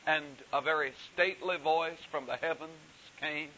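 A man preaching a sermon, telling a story slowly and deliberately with frequent pauses. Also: on the high side, fairly even intonation, sharp tone. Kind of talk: sermon with anecdote. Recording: dull hissy recording.

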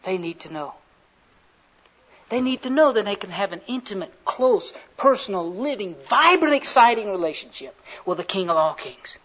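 A man's voice: high-pitched, lively intonation, normal speed, fairly bright tone. A man preaching a sermon in a fervent, folksy storytelling way. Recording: slightly muffled recording.

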